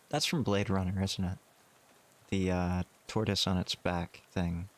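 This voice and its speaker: A man's voice: sits low, fairly even intonation, measured pace. A man chatting casually while playing a video game, making wry, offhand asides. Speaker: gaming streamer. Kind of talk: casual let's-play commentary.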